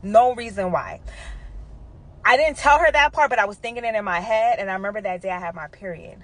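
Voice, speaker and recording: A woman's voice: mid-range voice, a little fast. A woman in her thirties, a nurse, telling a personal story casually to camera with frequent asides and check-ins with her audience.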